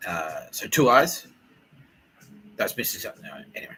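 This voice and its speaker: A man hosting a podcast, riffing in a profane, excitable, repetitive comedic monologue. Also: lowish voice, normal speed, slight background noise, low-quality recording. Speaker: podcast host.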